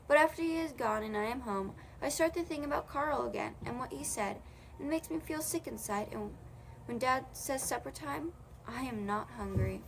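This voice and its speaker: A woman's voice: fairly high pitch, vocal fry, a little hiss or hum. A young woman reading a children's novel aloud in a casual way, correcting her own slips as she goes. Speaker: audiobook reader.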